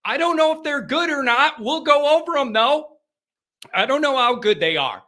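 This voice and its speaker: A man hosting a live late-night call-in sports show, rowdy and animated, chatting with his viewers. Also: extremely high pitch, normal speed. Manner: rowdy, animated, talks to the chat.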